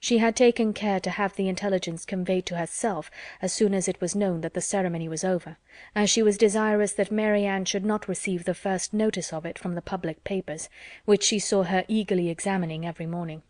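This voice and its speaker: A woman's voice: medium pitch, fairly even intonation, brisk, darkish tone, dry recording. Woman narrating a classic audiobook, dry. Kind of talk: scripted narration of a classic novel.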